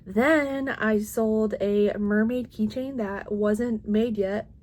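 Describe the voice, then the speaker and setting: A woman's voice: medium pitch, fairly even intonation, takes it slowly, darkish tone. A woman in her thirties, a crochet vlogger, chatting casually at home and rambling with lots of "like" and restarts.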